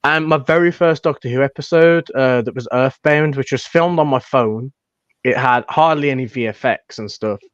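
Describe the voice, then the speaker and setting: A man's voice: medium pitch, normal speed, dry recording, lo-fi sound. A young British man, a fan filmmaker, chatting casually and rambling with many restarts. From United Kingdom. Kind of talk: casual chat.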